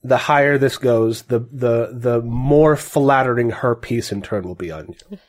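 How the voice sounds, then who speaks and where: A man narrating as game master of a tabletop game, halting and self-correcting as he goes. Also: medium pitch.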